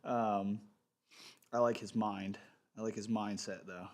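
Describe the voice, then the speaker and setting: A man with a stuffy nose leading a live home workout, giving relaxed, encouraging instructions while he exercises in his home gym. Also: fairly low pitch, takes it slowly. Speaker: fitness instructor. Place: home gym in a converted bedroom.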